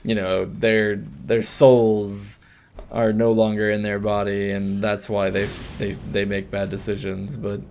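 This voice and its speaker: A man's voice: fairly low pitch, monotone, moderate pace, creaky, hardly any pauses, slight background noise. A man giving casual, rambling commentary while playing a video game, with chatty asides and frequent restarts. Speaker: let's play gamer.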